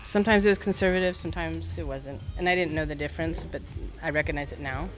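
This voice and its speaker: A woman in her forties, working as a barber, tells personal stories in a relaxed interview and acts out the voices of the people in them. Her voice sits a little low. Faint music plays softly behind her in the barbershop. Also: fast talker. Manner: animated storyteller acting out quoted voices. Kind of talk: casual storytelling interview.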